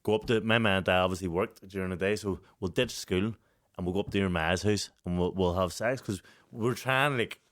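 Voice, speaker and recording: In a low-pitched, fairly quick voice, this Northern Irish man in his 30s shares a story as a podcast co-host in casual conversation. The telling is animated and full of swearing, with regular fits of laughter.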